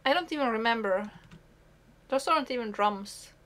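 A woman's voice: fairly high pitch, a bit bright. A woman streamer playing a game and reading its dialogue aloud, laughing and swearing as she goes. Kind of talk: let's play commentary. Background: faint game music.

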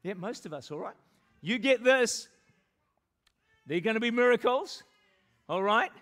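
A New Zealand man preaching to his church, his voice sitting a little high for a man. He moves between animated, joking asides and slow, stretched-out prayers. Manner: animated, laughs often and jokes with the congregation; pleading slowly when quoting prayers. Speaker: pastor. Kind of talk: sermon. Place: church service with a congregation.

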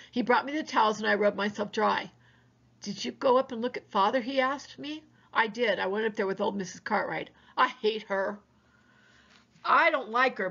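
Husky-voiced woman reading a novel aloud. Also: medium pitch, a bit bright, muffled recording. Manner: plain unhurried reading with small slips.

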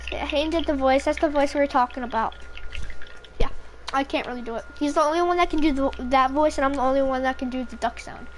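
A woman's voice: high-pitched, normal speed, pauses often, a little hiss or hum. A woman casually commentating her own gameplay, rambling, swearing freely and joking about how tired she is. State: tired, throat feels off.

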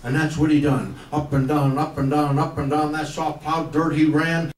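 On stage, a country comedian with a slightly high, level voice tells comic yarns at a normal pace. He's folksy and slangy, chuckling through his lines as stand-up storytelling. He's recorded far from the mic, so the sound is roomy.

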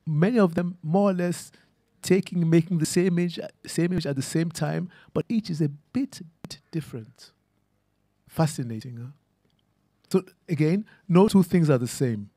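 A man's voice: a little high, normal speed, mellow, no echo. A man speaking as a photographer in an artist talk, musing aloud and often ending his phrases with a questioning "huh?". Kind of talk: reflective conversational talk. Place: garden event.

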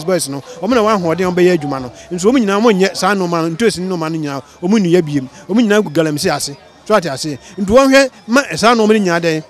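A high-voiced man with a Ghanaian accent speaks in an outdoor street interview. He talks earnestly and pleadingly, halting and restarting his sentences. Faint music plays under the recording.

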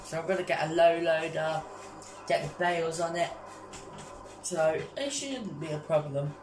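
A woman giving casual gameplay commentary as a vlogger, excitable and constantly calling out to her viewers. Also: low-pitched, normal speed, reverberant, music in the background, rough recording. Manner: excitable, keeps addressing viewers as guys. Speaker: gaming vlogger.

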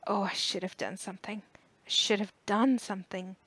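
A woman's voice: mid-range voice, fairly even intonation, moderate pace, fairly bright tone, slightly rough, dry recording. A woman voicing a frightened, guilt-ridden mother with a shaky, anxious voice in an audiobook. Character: worried, frightened middle-aged mother.

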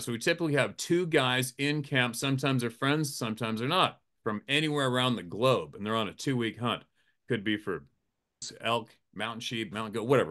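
A man who works as a hunting guide, telling a profane, animated campfire story, laughing often and acting out the quotes in a raised voice. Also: medium pitch. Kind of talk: casual storytelling. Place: campfire outdoors.

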